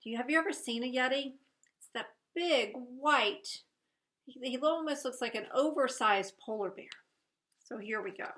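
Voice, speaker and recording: A woman reading a bedtime story to small children at a church. She is gentle and expressive and speaks directly to her young listeners. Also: sits high, normal speed.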